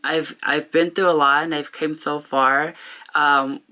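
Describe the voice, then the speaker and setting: A young woman talking to camera in a personal vlog, heartfelt and open, halting often with pauses and restarts. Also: low voice, fairly even intonation, pushed and bright. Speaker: vlogger. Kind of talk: reflective personal vlog talk.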